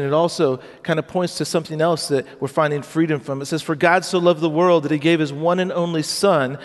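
A man's voice: a little high, big-room sound. A man preaching a sermon as pastor, earnest and urgent, asking the congregation questions.

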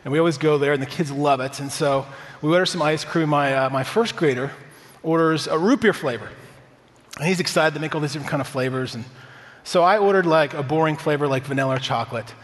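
A man's voice: a little high, quick pace. A man in his thirties, a pastor, giving a conversational, upbeat sermon to a church congregation with personal stories. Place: church sanctuary. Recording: reverberant church hall.

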